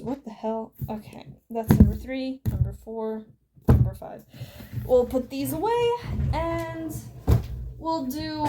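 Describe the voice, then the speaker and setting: A woman's voice: fairly high pitch, darkish tone, slight background noise. A woman talking casually to her camera at home, chatty and rambling, swearing freely as she shows off her books. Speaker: vlogger. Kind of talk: casual show-and-tell vlog.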